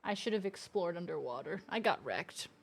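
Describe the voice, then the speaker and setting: A woman streaming a game, chatting casually and reacting with animated outbursts and swearing. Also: fairly low pitch, moderate pace, breathy edge. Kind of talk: casual gaming commentary.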